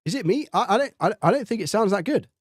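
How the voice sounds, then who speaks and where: Chatting casually on his live stream, a man thinks aloud and tests his studio dynamic mic up close, checking it over and over. His voice is high-pitched and lively and he speaks quickly, with a dry recording.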